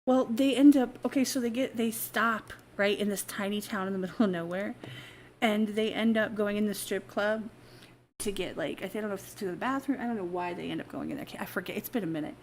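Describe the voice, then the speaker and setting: A woman's voice: medium pitch, fairly quick, slight background noise. A woman chatting casually on a podcast, telling stories with lots of laughter. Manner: laughs often, animated storytelling. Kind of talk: casual chat.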